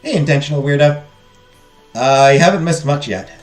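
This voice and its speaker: A man's voice: fairly high pitch, moderate pace, roomy sound, faint music behind. A man hosting a let's play, chatting casually, joking at his own expense and answering viewers. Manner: jokey, chatty, laughs at himself, answers chat. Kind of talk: casual gameplay commentary.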